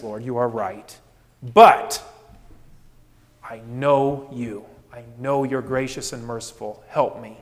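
A man preaching a sermon as pastor, animated, asking rhetorical questions and acting out the people in the story. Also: a little high, in a large hall. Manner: animated, rhetorical questions, acts out quoted voices.

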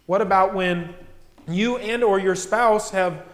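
A man with a fairly high voice delivers a sermon to his congregation, talking in a relaxed, conversational way and peppering his points with rhetorical questions. His voice rings through a large room with a long reverb tail, heard in a church hall. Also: slow pace. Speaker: pastor.

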